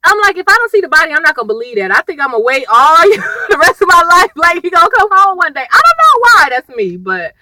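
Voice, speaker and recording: A woman's voice: very high-pitched, very animated, fast talker, hardly any pauses, over a noisy crowd, poor audio. A woman chatting through a TV episode recap, rambling and wandering off on tangents while talking to her viewers. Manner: addresses viewers as "y'all". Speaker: TV episode reviewer.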